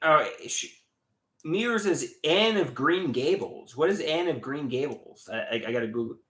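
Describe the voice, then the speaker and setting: A man's voice: a little high, lively intonation, moderate pace, fairly bright tone, roomy sound. A man chatting casually on a livestream, reading viewer comments aloud and greeting chatters.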